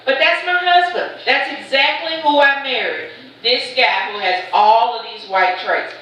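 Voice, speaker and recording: Bright, high woman comic. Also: slight background noise. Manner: chatty storyteller, teasing the crowd with quick asides. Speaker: stand-up comedian. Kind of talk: live stand-up comedy. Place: large event shed with a live audience. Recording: echoey hall, voice from far off.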